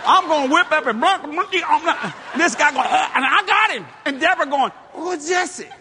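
A man preaching a sermon through a story, acting out the people in it and working up to loud shouts. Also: very high voice, moderate pace, a faint crowd, a little hiss or hum. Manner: animated, acts out the people in his stories, climbs to shouting.

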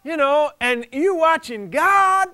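A man preaching a folksy sermon, telling the story with chuckles and animated storytelling. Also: extremely high pitch, takes it slowly, no echo.

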